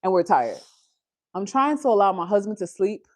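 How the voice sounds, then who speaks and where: A woman's voice: medium pitch, sing-song, normal speed. A young woman hosting a casual home livestream, chatting to viewers and breaking off to coax and scold her toddler. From Houston, Texas. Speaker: livestream host. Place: busy family home with children.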